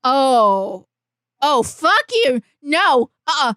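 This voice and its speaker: A woman's voice: high-pitched, animated, extremely slow, fairly bright tone, no room sound, clean studio sound. A woman co-hosting a horror podcast, talking in a teasing, argumentative and profane way. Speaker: podcast co-host. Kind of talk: casual chat.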